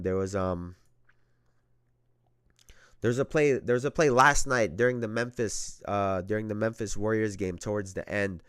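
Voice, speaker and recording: A man's voice: fairly low pitch, a little slow, long pauses, fairly bright tone, clear, resonant tone, no echo, studio quality. A man hosting a sports podcast, talking casually and with a lot of profanity, often repeating himself and breaking into laughter.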